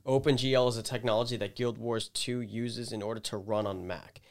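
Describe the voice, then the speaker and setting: A man's voice: mid-range voice, steady tone, fairly quick. A man co-hosting a casual chat, wry and teasing, swearing bluntly. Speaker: podcast co-host.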